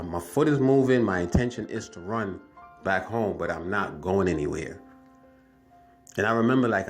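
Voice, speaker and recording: A man with a very low, deep voice tells his story to viewers in loose, casual talk. He circles back, repeats phrases and calls his audience family. Faint music plays underneath. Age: adult, has wife and kids. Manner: rambling, repeats himself, addresses viewers as family. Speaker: vlogger telling a dream.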